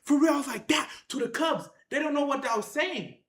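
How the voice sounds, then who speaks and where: A high-voiced storyteller spins a wild adventure for the viewers, full of slang and constant filler. The voice bounces off the walls of an echoey room as they shout out sound effects and repeat lines for emphasis. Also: a little fast. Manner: excited, acts out the action with sound effects and shouts. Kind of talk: animated tall-tale storytelling to viewers.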